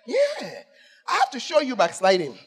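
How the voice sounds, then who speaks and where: A male pastor preaching a sermon, swinging between shouts and hushed asides as he teases the congregation. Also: high voice, lively intonation, normal speed, slightly rough.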